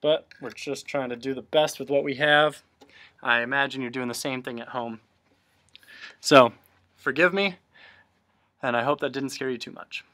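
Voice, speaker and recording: A man's voice: mid-range voice, moderate pace, pushed and bright. A man teaching a remote cursive handwriting lesson, explaining each stroke patiently, step by step.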